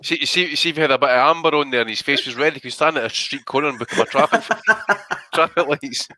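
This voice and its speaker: A man's voice: on the high side, fast, bright, forceful tone, no room sound. A man on a casual podcast panel, jokey and teasing in the banter.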